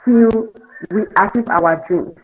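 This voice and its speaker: A woman's voice: medium pitch, slow, slightly rough. A woman calling a radio show by phone, speaking in a grateful and earnest way. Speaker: caller. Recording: dull, muffled phone line.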